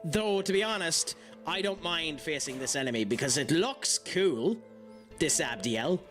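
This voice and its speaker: An Irish man on a live stream, talking with his viewers in a fairly high voice. He rambles and jokes easily, with plenty of fillers, while game music plays clearly underneath. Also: expressive, measured pace, fairly bright tone. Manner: chatty and jokey, with many fillers. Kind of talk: live gameplay commentary, chatting with viewers.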